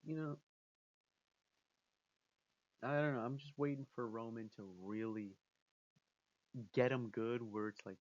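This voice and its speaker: A man's voice: medium pitch, steady tone, measured pace, pauses often, muffled recording. A man giving casual spoken commentary as a vlogger, rambling with restarts and acting out quotes.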